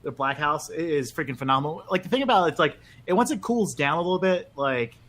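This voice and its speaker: A man's voice: fairly high pitch, lively intonation, fast, fairly bright tone. A man co-hosting a podcast in casual chat, talking in a chatty, rambling way and restarting his sentences. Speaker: podcast co-host.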